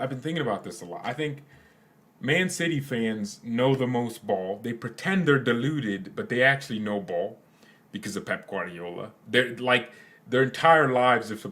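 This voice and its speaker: A man's voice: mid-range voice, fairly bright tone. Casting: young male channel host, casual and rambling, jokey asides to his viewers. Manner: rambling, joking, trails off into silly asides. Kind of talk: casual live chat with viewers.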